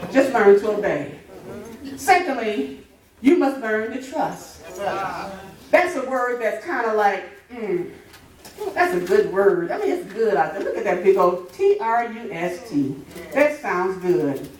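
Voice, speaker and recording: A woman preaching a sermon, lively and laughing, calling out to the congregation and breaking into half-sung lines. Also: medium pitch, a little slow, a crowd in the background. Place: church sanctuary. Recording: roomy church sound from a distance. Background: congregation responding.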